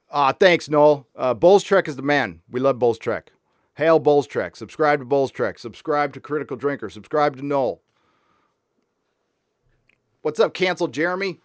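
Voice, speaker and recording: A man hosting a casual live stream, ranting with lots of swearing and reading out viewer messages in a warm room. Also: medium pitch, dry recording, clean studio sound.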